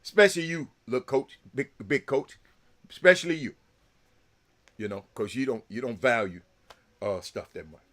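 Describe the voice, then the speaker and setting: A man's voice: medium pitch, lively intonation, moderate pace, long pauses, a bit bright. A man, hosting a casual talk show and rambling to his viewers with lots of repeated words. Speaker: sports talk show host.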